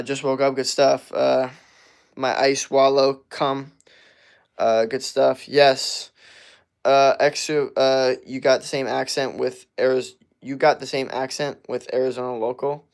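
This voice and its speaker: A man's voice: mid-range voice, clean tone. Laid-back young man from Florida. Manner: laid-back, slangy, lots of filler. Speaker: livestream host answering chat questions. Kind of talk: casual livestream chat. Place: outdoors at night.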